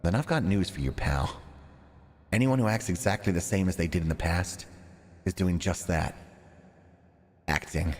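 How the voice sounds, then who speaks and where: Brief: villainous young woman, sweet mask gone, sneering and low, put on by a male streamer. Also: moderate pace, pauses often, dry recording. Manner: cold, sneering, contemptuous. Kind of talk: visual novel dialogue read aloud.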